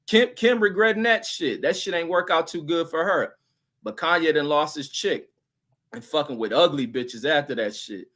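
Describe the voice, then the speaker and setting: A man's voice: fairly high pitch, fairly bright tone. Crude, rambling man ranting to chat. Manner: loose, crude storytelling, reads chat comments aloud. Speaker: livestream host reading chat. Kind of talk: casual profane livestream rant.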